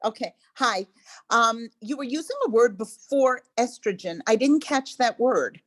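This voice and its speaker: A woman's voice: on the high side, lively intonation, a little slow. A woman joining an online class, asking a hesitant question and apologizing. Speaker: class participant. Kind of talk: asking a question on a video call. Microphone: video call.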